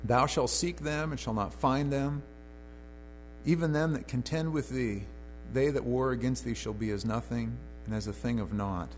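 A man's voice: mid-range voice, normal speed, soft background music. A man preaching a conversational sermon in a church, reading scripture aloud and then explaining it in plain talk.

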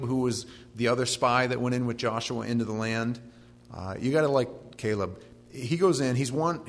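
A man's voice: medium pitch, fairly bright tone. A middle-aged male pastor works through a scripture passage with folksy, joking asides. His mid-range voice rings with a long hall reverb. A faint hum runs beneath. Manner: folksy, joking asides while reading names. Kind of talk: expository sermon.

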